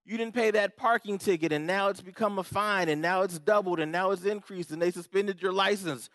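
A pastor preaching a conversational sermon, repeating key words for emphasis and checking in with the congregation. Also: male voice, high voice, fairly quick, fairly bright tone, no room sound. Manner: repetitive, emphatic phrasing.

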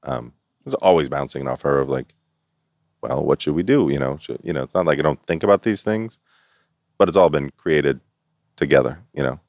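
A middle-aged man with an extremely deep voice tells a story in a relaxed interview, laughing easily and jumping into the voices of the people he quotes. The sound is dry and close, with no room around it. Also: fairly quick, dry recording. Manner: animated storyteller who acts out quotes and laughs often. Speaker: interview guest.

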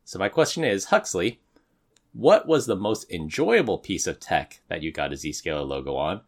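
A man with a low voice who hosts a podcast. He talks in a casual, upbeat way and laughs often. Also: sing-song, normal speed. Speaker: podcast host. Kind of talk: casual conversation.

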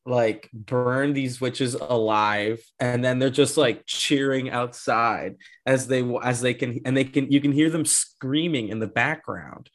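A man co-hosting a casual movie discussion podcast, animated and laughing often as he acts out scenes. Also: mid-range voice. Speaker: podcast co-host.

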